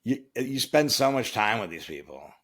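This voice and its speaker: A man's voice: medium pitch, sing-song, moderate pace, fairly bright tone, husky. A man from Florida hosting a podcast, chatting casually and rambling through restarts and filler phrases. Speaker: podcast host. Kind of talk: casual conversational interview.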